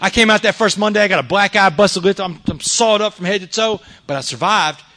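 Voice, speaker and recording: A man from Texas, USA, speaks in a high, bright, forceful voice at a fairly quick pace. With a Southern accent, he emphatically tells his life story to an audience, dropping in "man" and "y'all."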